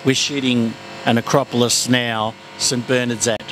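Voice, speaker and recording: A middle-aged man, chatting as a guest comedian and telling animated stories. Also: medium pitch, moderate pace. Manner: animated storyteller, slips into comic voices. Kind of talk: casual interview chat. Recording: noisy background.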